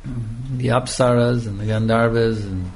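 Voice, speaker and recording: A man giving a scripture lecture as a spiritual teacher, speaking slowly and emphatically and repeating phrases for emphasis. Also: mid-range voice, steady tone, a little hiss or hum.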